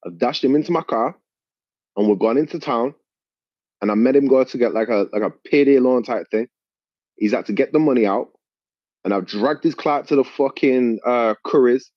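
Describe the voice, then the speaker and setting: A man's voice: mid-range voice, dry recording. Man, casual storyteller, heavy swearing, slightly dull dry recording. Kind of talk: casual chat.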